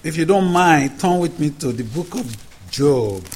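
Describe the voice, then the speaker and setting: A man, a pastor, leading a prayer and then preaching a sermon in a church, speaking deliberately and repeating questions for emphasis. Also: a little high, animated, darkish tone, breathy edge. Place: church sanctuary.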